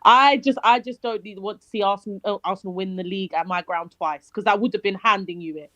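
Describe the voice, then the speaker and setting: A woman with a London accent chatting on a remote call about football, animated and swearing, tripping over her words. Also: medium pitch, fast talker, no room sound, poor audio. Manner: animated, swearing, self-interrupting. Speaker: panel guest. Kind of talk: casual football chat.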